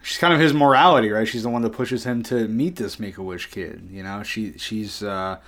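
A man's voice: lowish voice, fairly quick, a bit bright. A man co-hosting a podcast in casual chat, earnestly retelling scenes from a book. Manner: earnest, retells scenes with quoted lines, chuckles. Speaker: podcast co-host.

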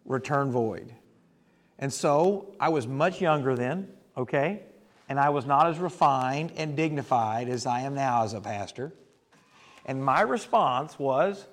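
A man's voice: medium pitch, expressive, a little slow. A male pastor preaching a sermon, telling stories with emphasis and putting questions to the congregation.

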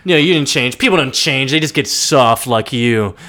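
A man's voice: mid-range voice, lively intonation, moderate pace, pushed and bright. A man co-hosting a casual rewatch podcast, joking about scenes and quoting the characters. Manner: laid-back, joking, quotes characters. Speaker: podcast co-host. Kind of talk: casual rewatch recap chat.

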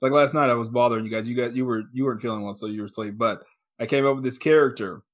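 A man co-hosting a podcast in casual chat, agreeable and quick with asides. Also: mid-range voice, steady tone. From Kansas. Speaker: podcast co-host.

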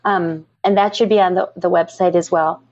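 A middle-aged woman, founder of a literacy nonprofit, speaking earnestly and tearfully with halting restarts in a podcast interview. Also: fairly low pitch, steady tone, darkish tone. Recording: slightly dull lo-fi audio.

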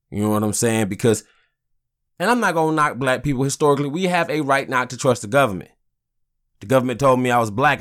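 A man's voice: mid-range voice, fairly bright tone. A man hosting a podcast, ranting angrily and profanely in a casual, heated way. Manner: angry, profane, heated, frequent "you know what I'm saying". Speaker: podcast host.

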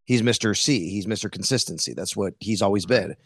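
A man's voice: fairly low pitch, brisk, breathy edge, no room sound. A middle-aged man, a sports beat reporter, talking casually as a guest and telling stories animatedly, quoting himself. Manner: animated storyteller, quotes himself, many fillers. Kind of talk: casual interview talk.

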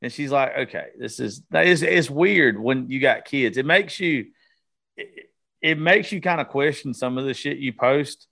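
A man's voice: mid-range voice, a little slow, gravelly, pushed and bright. A man in his thirties hosting a casual podcast, blunt and reflective, with some swearing.

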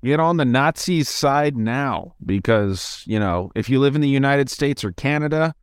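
A man's voice: mid-range voice, expressive, normal speed, clear, resonant tone, dry recording. Male podcast host, rambling and laid-back, dry sound. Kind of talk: casual chat on a video call.

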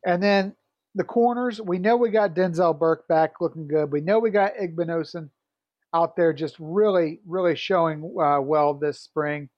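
A man's voice: high voice, no echo, lo-fi sound. A man co-hosting a sports podcast in an enthusiastic, casual way, with plenty of "you know" and "uh". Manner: enthusiastic, filler-heavy. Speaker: podcast co-host.

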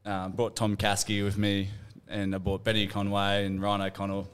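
A man's voice: lowish voice, completely flat delivery, clear, resonant tone. A man with an Australian accent, spinning a yarn as a podcast co-host. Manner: quick, chatty yarn-spinner. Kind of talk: casual storytelling among mates.

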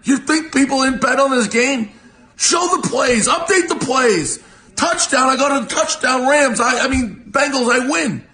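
Very high-pitched, furious shouting man. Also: animated, measured pace. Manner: shouting, cursing, exasperated. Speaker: sports media personality ranting in a clip. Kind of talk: angry profane rant.

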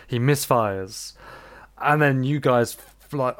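A man running a game as game master, narrating the scenario in a laid-back, steady way. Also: medium pitch, unhurried.

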